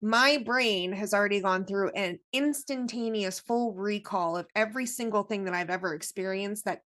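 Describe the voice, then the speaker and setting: A woman with a mid-pitched voice explaining an idea earnestly on a podcast. She talks at length and often restarts her sentences as her thoughts run ahead of her. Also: normal speed, fairly bright tone. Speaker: podcast co-host. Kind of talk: casual chat.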